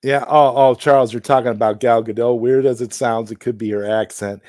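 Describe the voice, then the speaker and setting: A man's voice: medium pitch, fairly even intonation, fairly quick, a little mellow, dry recording, studio quality. A man hosting a casual live stream, rambling through his points with many restarts and greeting viewers in the chat.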